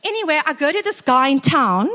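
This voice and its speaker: A middle-aged woman with a high voice delivers a storytelling sermon. She talks in a lively, self-mocking way and keeps checking in with her congregation. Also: fairly quick. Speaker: preacher.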